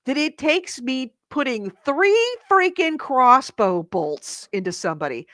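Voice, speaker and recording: A woman co-hosting a casual gaming podcast over a call, animated and swearing freely as she tells stories. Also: high voice, measured pace, no echo, clean studio sound. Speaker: podcast co-host. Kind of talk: casual chat. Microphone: remote call mic with echo cancellation.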